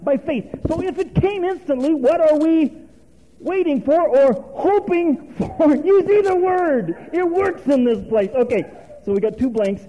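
A man's voice: very high voice, animated, normal speed, mellow, low-quality recording. A male preacher giving a folksy, conversational sermon, quizzing the congregation and chuckling often.

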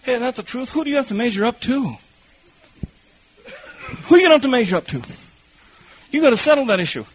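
A man preaching a sermon, telling animated stories with shouted bursts and laughter, his voice husky. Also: very high voice, fast, poor audio.

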